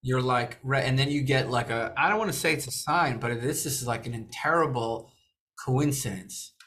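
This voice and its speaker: A man's voice: mid-range voice, moderate pace, a bit bright. A man hosting a podcast interview, restating what he hears and asking probing follow-up questions. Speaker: podcast host. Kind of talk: conversational interview.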